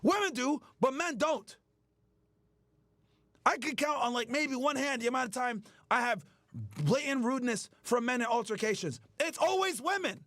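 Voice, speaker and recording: A man's voice: very high-pitched, expressive, normal speed, bright, forceful tone, dry recording, clean studio sound. A man hosting a stream, delivering a heated, profane rant that mocks the people he talks about. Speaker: streamer host. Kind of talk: angry ranting commentary.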